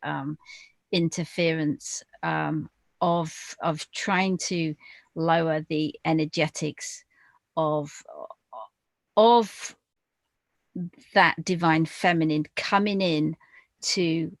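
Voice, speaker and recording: A woman speaking as a guest in a spiritual podcast conversation, slow and deliberate, pausing often with fillers. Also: low voice, fairly even intonation, dry recording.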